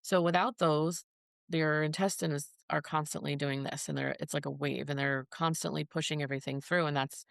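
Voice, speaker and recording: A woman's voice: low voice, fairly even intonation, moderate pace, vocal fry, no echo, studio quality. A woman speaking as a podcast guest, telling her story in an earnest, casual way and acting out the conversations she recalls. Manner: earnest, acts out quoted dialogue. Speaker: podcast guest, mother of a child with a rare disease.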